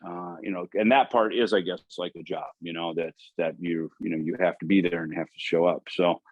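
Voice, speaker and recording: Low-voiced american guy, rambly, tons of "you know"s, dry close sound. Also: steady tone, brisk, dry recording, muffled recording. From United States. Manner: rambling, many "you know" fillers and restarts. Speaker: guest musician. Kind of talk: casual interview talk.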